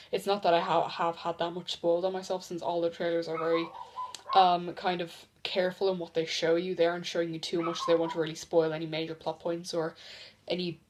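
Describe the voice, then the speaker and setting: A man's voice: high-pitched, noisy background. A man hosting a casual news commentary vlog, rambling with lots of ums and restarts. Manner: rambling, full of ums and self-corrections. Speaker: vlog host.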